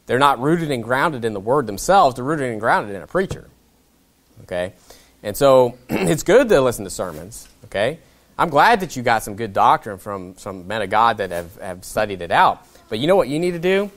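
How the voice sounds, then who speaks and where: Lively preacher, conversational. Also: male voice, a little fast. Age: young adult to middle-aged. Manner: conversational preaching, wide swings in pitch and loudness, frequent "okay?". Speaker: pastor. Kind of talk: sermon.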